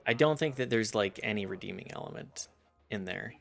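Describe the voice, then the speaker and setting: Guy streaming a game, lots of vocal fry, rambly, jokes about himself. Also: on the low side, lively intonation, brisk, fairly bright tone, soft background music. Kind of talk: casual gaming chat.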